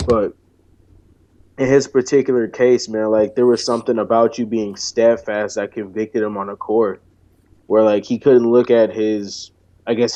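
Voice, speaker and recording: A man who hosts a podcast, speaking in a relaxed, slangy, reflective way in casual chat. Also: fairly low pitch, muffled recording.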